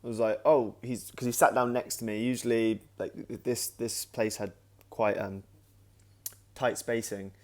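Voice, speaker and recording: A man's voice: medium pitch, flat delivery, measured pace, darkish tone. A man hosting his own channel, telling a casual story to camera with lots of restarts and "like", acting out his own past remarks. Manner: loose, with frequent restarts and "like".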